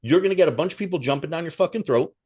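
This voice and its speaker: A man's voice: a little high, animated, very fast, darkish tone. A man co-hosting a podcast, ranting in casual chat with heavy swearing. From Italian-American. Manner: heated, profane, ranting. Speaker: podcast co-host.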